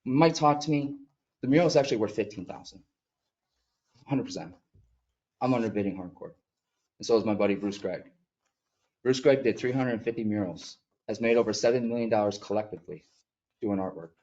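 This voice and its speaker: A mural artist from upstate New York addresses a village board in a public meeting room, giving an emotional public comment. His voice is low and mellow, earnest and heartfelt, sometimes halting with feeling. The meeting audio is muffled and lo-fi.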